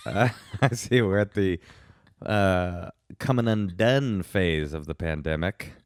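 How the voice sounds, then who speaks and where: A man co-hosting a podcast from home, chatting casually with wry, deadpan storytelling. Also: low-pitched, takes it slowly, dry recording, studio quality. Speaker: podcast co-host. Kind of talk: casual chat. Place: home studio.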